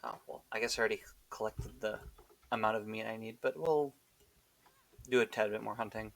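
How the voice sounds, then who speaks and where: A man's voice: lowish voice, fairly quick, gravelly. A man streaming a game live, giving wry, chatty reactions as he plays. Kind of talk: casual live gameplay commentary.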